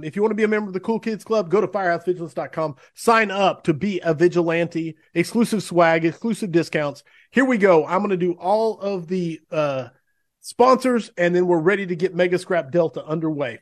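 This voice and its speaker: A man's voice: high voice, fairly quick. A man hosting a podcast, reading guest introductions and sponsor plugs in an upbeat, gushing way with small fillers. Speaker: podcast host. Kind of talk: show intro and sponsor reads.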